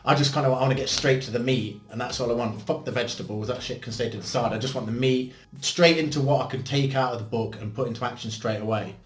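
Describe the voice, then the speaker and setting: A man's voice: medium pitch, steady tone, quick pace. A man hosting his channel, giving a casual, blunt book review with self-mocking jokes and casual swearing. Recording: roomy echo with faint background music.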